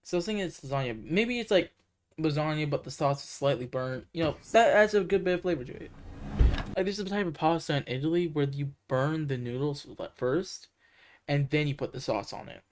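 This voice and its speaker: A man streaming and reacting casually, talking in an excitable, rambling way full of fillers. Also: fairly high pitch, fairly quick. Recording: noisy home mic.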